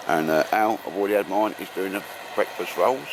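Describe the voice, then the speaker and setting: A man's voice: deep voice, normal speed, noisy background. A man with an Essex accent chatting to camera in the woods, rambling and matey, calling everyone mate. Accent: Essex English. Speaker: bushcraft vlogger. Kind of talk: casual chat to camera. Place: outdoors in woodland.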